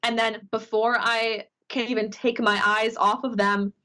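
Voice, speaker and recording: Brief: woman from Minnesota, cohost on a video call, slightly high voice, chatty storyteller who acts out the quotes. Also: measured pace. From Minnesota, USA. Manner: animated storyteller, acts out quoted dialogue, many fillers. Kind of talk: casual chat.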